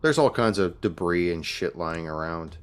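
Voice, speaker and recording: A man's voice: sits low, animated, normal speed, clear, resonant tone. A man narrating a tabletop game as game master, in a laid-back way with casual fillers.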